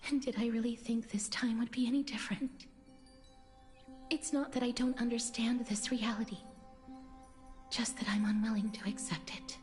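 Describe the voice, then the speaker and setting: A woman voicing a sorrowful young woman cursed with a deadly touch, speaking in a breathy, resigned whisper as whispered role-play, soft and mournful. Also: on the high side, natural voice. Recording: long game reverb with music beneath.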